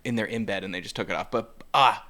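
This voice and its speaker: A man's voice: fairly low pitch, quick pace, pushed and bright. A middle-aged man co-hosting a podcast, chatting casually, joking at his own expense and laughing often. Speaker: podcast co-host. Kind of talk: casual chat.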